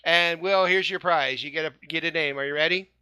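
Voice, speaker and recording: A man's voice: fairly high pitch, fairly even intonation, a little fast, noisy background. A man hosting a casual fan podcast, running a name quiz, joking and laughing often as he spells out names. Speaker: podcast host. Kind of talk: casual panel chat, quiz game.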